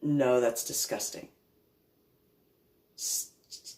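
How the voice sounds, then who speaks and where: A woman reverend talks through a personal story in a casual monologue. She is animated and stacks up repeated words for emphasis. Her voice carries a roomy echo from the space around her. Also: a bass voice, takes it slowly, pauses often.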